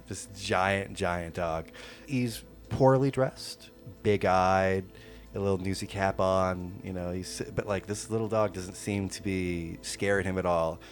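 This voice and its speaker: A man narrating a tabletop game as game master, casual and hesitant with many fillers. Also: low-pitched.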